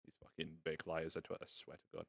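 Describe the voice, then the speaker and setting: A man's voice: a bass voice, very animated, fast talker, vocal fry, dry recording, clean studio sound. A man casually hosting a live stream from inside virtual reality, rambling and playful with some casual swearing. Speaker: VR streamer hosting a fashion show. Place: indoors in a home VR setup.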